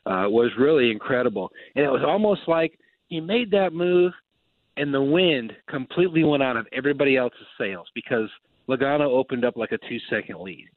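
A man hosting casual racing talk, telling stories with lively quoted voices. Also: mid-range voice, fairly quick, dry recording. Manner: animated storyteller, acts out quotes. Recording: dry tinny phone-like sound.

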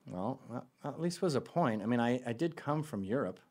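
A man's voice: medium pitch, lively intonation, brisk, a little mellow. A male host giving sarcastic, mocking commentary on voicemails he plays.

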